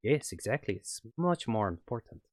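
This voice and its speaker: A man's voice: lowish voice, very animated, normal speed, dry recording, clean studio sound. A man voicing a scheming French woman scientist with a wavering put-on French accent. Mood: cold, reasoning.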